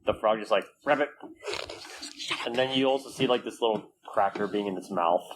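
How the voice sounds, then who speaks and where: A man's voice: lowish voice, quick pace, a little hiss or hum, poor audio. A man narrating as game master, loose and hesitant with many fillers.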